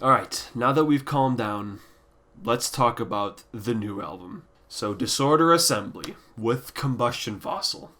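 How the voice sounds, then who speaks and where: A man reviewing albums in a casual ranking video, ranting bluntly and with heavy swearing, sometimes sinking into quiet, deflated muttering. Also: medium pitch, lively intonation, measured pace, soft background music. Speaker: music reviewer.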